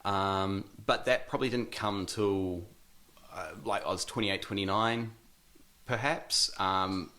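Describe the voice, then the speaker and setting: NZ man, 30s, interview guest; low voice, relaxed and halting, lots of fillers. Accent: New Zealand. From New Zealand. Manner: hesitant, many ums and restarts, laughs easily. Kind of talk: casual interview.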